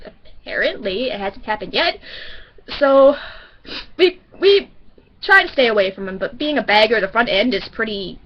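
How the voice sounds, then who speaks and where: A woman's voice: on the high side, dull audio. A woman telling a story about work in a casual, rambling way, often correcting herself. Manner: rambling, self-correcting, chatty. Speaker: grocery store bagger.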